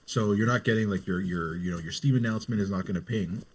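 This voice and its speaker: A man's voice: on the low side, quick pace, slight background noise. A man on a voice call patiently explains things step by step to a friend in casual chat. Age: older than the host.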